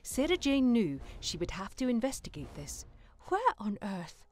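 A woman reading an audio story as narrator, lively and expressive. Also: a little high, unhurried.

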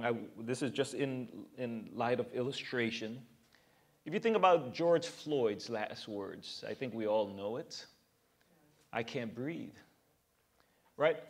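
A male pastor giving a verse-by-verse sermon in an earnest, emphatic way, full of rhetorical questions to his congregation. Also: medium pitch.

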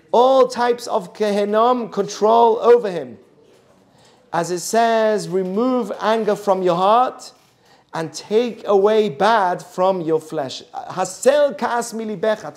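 A man teaching a Torah class to students, telling stories and asking the class questions as he goes. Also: high-pitched. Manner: storytelling, asks the class questions, drops to a soft voice for drama.

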